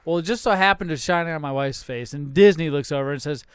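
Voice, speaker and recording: A man in his thirties tells a raunchy story on his podcast, swearing freely and acting out the people in it. His voice sits high and comes across smooth and clear. The sound is dry and close. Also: fast talker, no echo. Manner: animated, profane, acts out quoted dialogue. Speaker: podcast co-host. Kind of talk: casual chat, storytelling.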